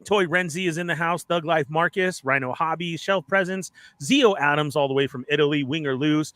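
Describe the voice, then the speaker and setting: A man co-hosting a live toy podcast in casual chat, upbeat and joking as he runs through plugs and shout-outs. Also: a little high, moderate pace, slight background noise.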